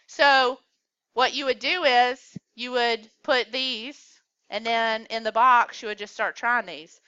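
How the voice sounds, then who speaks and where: Bright, clear woman teaching math. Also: fairly high pitch, fairly even intonation, slow pace, no echo, muffled recording. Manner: coaxing, asks the class questions. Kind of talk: classroom lecture. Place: classroom.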